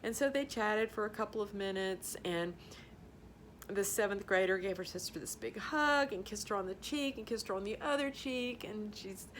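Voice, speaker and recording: A middle-aged woman shares a heartfelt school story in a casual vlog, getting emotional as she laughs and tears up, and acting out the voices of the people she quotes. Her voice is medium-pitched and a bit bright, at a moderate pace, with slight background noise.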